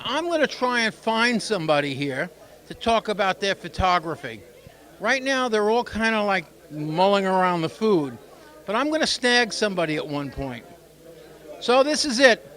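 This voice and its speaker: A man with a high voice hosts a local TV segment on location at a busy exhibition opening. He talks in a chatty, joking way, wanders into asides, and speaks into a handheld mic. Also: pushed and bright. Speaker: local TV show host. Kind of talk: casual on-location interview.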